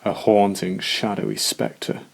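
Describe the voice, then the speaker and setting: A man narrates a horror story in a slow, deliberate first-person telling. His voice is low and gravelly with a lot of fry. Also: sing-song, faint music behind.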